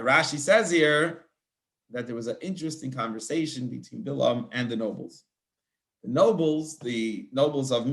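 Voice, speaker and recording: A rabbi teaching a verse-by-verse scripture class, reading Hebrew phrases and translating them in a chatty way with many restarts. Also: male voice, on the high side, a bit bright.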